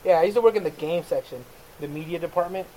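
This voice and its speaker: Brief: high-pitched man, crude laid-back storyteller, heavy swearing. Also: quick pace, mellow, slight background noise, poor audio. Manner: swears heavily, laughs through stories. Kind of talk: profane casual storytelling.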